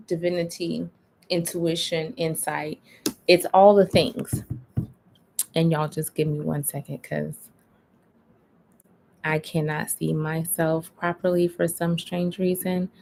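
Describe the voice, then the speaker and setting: A woman's voice: on the low side, darkish tone, slight background noise. A woman life coach giving a casual, preachy talk on a live stream, stretching out key words for emphasis. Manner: conversational, preachy, drawn-out emphasis. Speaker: life coach and spiritual guide.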